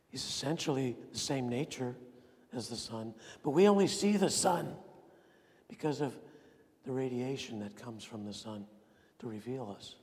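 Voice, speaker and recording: A man preaching a sermon with earnest emphasis, swinging between ringing points and quiet, intense asides. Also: a little high, lively intonation, a little slow, long pauses. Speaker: pastor. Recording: long reverb of a large hall.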